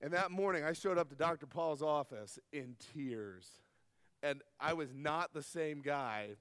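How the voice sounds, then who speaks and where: High-voiced preacher with hall reverb. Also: male voice, unhurried, a bit bright, smooth. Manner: earnest storytelling, asks the audience questions. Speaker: pastor. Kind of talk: sermon. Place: camp meeting hall.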